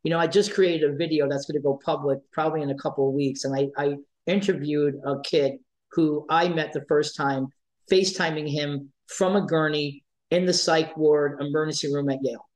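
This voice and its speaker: A man's voice: a little high, fairly even intonation, normal speed, poor audio. Passionate man speaking up for kids. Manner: passionate, emotional, emphatic repetition. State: emotional, near tears. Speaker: advocate for trans youth. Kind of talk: interview guest.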